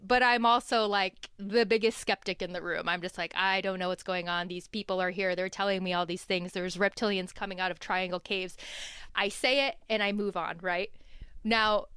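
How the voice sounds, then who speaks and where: Woman guest, lively storyteller, smooth clear voice, dry close sound. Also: mid-range voice, dry recording. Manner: animated, laughing storyteller. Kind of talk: casual storytelling. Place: home.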